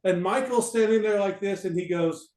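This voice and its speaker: A man telling a casual anecdote to an audience, halting and restarting with amusement. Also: sits high, darkish tone, echoey room. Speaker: storyteller on a panel.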